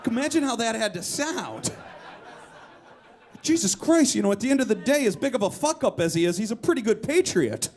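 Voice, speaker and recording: A man performing a comedic one-man show live on stage. He tells self-deprecating stories in an animated way and builds up to loud punchlines. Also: high voice, moderate pace. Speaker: comedic storyteller.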